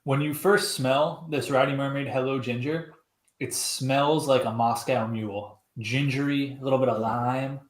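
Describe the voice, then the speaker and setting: A man co-hosting a live podcast stream, upbeat and relaxed in casual chat. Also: medium pitch, moderate pace. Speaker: podcast co-host. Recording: echoey room.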